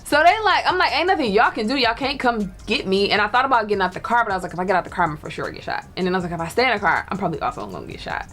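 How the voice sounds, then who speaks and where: A woman's voice: medium pitch, sing-song, very fast, few pauses, fairly bright tone. A young woman telling a story in casual chat, laughing and acting out the voices of people she quotes. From Detroit. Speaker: guest storyteller.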